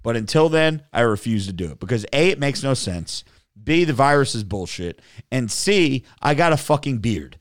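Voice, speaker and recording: A man's voice: mid-range voice, big pitch swings, moderate pace, no echo, studio quality. Profane, blunt male podcast host. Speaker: podcast host reading chat. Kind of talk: casual banter.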